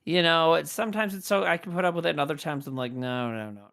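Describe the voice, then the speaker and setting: A man's voice: fairly high pitch, racing, gravelly, fairly bright tone. A man co-hosting a podcast, chatting loosely about a film in a rambling, profane, meandering way. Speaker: podcast co-host. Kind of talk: casual movie-review chat.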